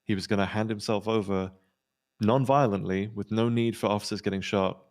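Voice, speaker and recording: A man with a fairly deep voice plays a police officer in a role-play. He tells the story of a standoff in a rapid debrief, acting out each quoted line. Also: fairly even intonation. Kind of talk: in-character debrief recounting an incident.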